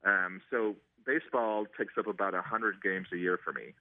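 Answering interview questions loosely, with frequent ums and false starts, a stadium organist talks in a low, steady voice at a moderate pace. The audio is dry, from a tinny phone line.

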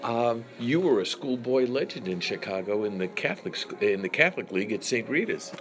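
A man's voice: medium pitch, sing-song, fairly quick, background noise. A man hosting an interview, asking short, prompting questions. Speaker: interview host.

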